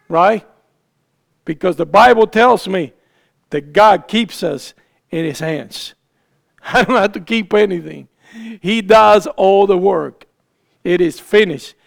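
A man with a high, gravelly voice preaches a sermon at an unhurried pace. He is emphatic and stacks repeated phrases to drive his points home. The fry in his tone stays rough throughout. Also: a bit bright.

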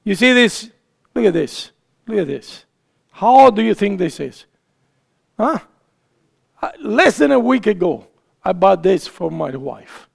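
A pastor giving a conversational sermon, often asking the congregation questions and teasing them. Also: male voice, sits high, very animated, a little slow, vocal fry, pauses often.

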